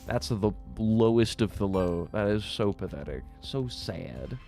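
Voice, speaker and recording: A man's voice: lowish voice, expressive, measured pace, gravelly, darkish tone, faint music behind. Sarcastic man streaming and arguing with chat. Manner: combative, sarcastic, swears often, laughs at his own jokes. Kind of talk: casual livestream chat, reading and answering chat while gaming.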